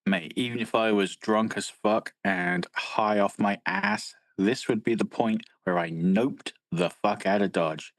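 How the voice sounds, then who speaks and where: A man's voice: lowish voice, measured pace, hardly any pauses, dry recording, rough recording. A man co-hosting a film podcast, analytical and blunt, swearing freely. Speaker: podcast co-host. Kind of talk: casual film discussion.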